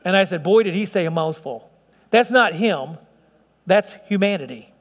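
A man preaching a sermon as pastor, slowing down and stretching words for emphasis as his intensity rises. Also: high-pitched, expressive, long reverb tail.

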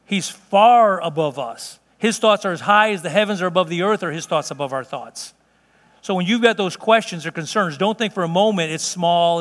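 High-voiced preacher in a reverberant hall. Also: male voice, fairly bright tone. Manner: conversational, storytelling with laughs. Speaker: pastor. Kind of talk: sermon. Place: church hall.

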